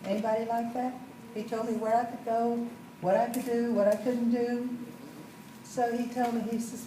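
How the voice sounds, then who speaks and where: A woman's voice: on the high side, little pitch movement, normal speed, warm tone, slight background noise. A woman, telling a group a folksy story about her life and asking the audience questions. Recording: echoey room, mic far off.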